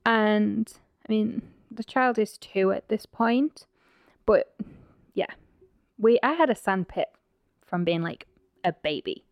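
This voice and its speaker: A woman tells a true-crime story on a podcast, dropping in blunt, teasing asides. Her pitch sits in the middle range. The recording is dry and close. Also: slow, dry recording. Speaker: podcast host.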